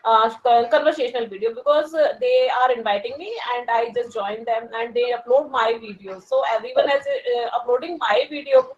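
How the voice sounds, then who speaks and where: A woman's voice: on the high side, a little fast, hardly any pauses, muffled recording. A woman from India with an Indian English accent, a working professional talking casually and hesitantly, with many fillers and restarts. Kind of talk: casual conversation about learning English.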